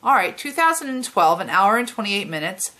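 A woman in her thirties, a vlogger chatting casually and reacting out loud as she watches a movie at home. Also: mid-range voice, sing-song, a little fast. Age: 30s. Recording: movie soundtrack playing behind.

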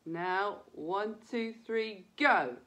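A woman leading a children's breathing lesson, talking gently and encouragingly straight to the kids. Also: mid-range voice, extremely slow.

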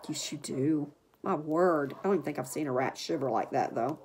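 A woman dog breeder narrating a casual vlog while feeding puppies, cooing gently to them in baby talk. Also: sits low, expressive, a little fast, a little hiss or hum.

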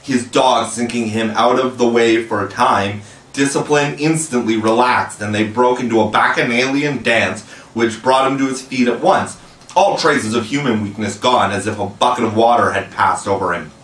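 A man reads a storybook aloud in a measured, even voice at a middling pitch. The sound is roomy and he sits back from the mic. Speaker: audiobook reader. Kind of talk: storybook narration. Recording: echoey room, mic at a distance.

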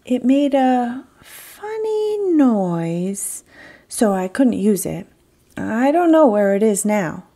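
A sheepish storybook bear , as a woman puts him on, speaks in a hushed, whispery voice. The delivery is slow and rises and falls a great deal. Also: fairly high pitch, very animated, full character voice.

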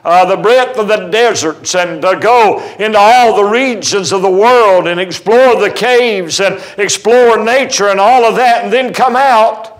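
A man preaching from the pulpit with a high-set voice. He delivers the sermon emphatically, telling stories and acting out quoted dialogue along the way. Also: unhurried, hardly any pauses, low-quality recording. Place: church sanctuary.

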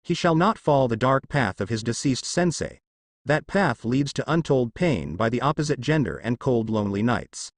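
A man narrating a fan fiction story aloud in a plain, steady reading voice with occasional misread words. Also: medium pitch, moderate pace, no echo, clean studio sound.

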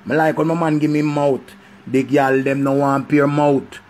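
A man's voice: a little high, normal speed. A man with a Jamaican accent giving casual, profane commentary. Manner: animated, repetitive, profane. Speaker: vlogger.

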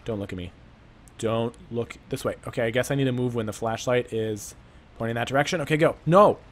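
A man doing gameplay commentary, rambling through an improvised backstory and breaking into panicky outbursts and rapid repeated commands. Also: mid-range voice, a little hiss or hum. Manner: playful self-talk, rambling asides. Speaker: let's play gamer.

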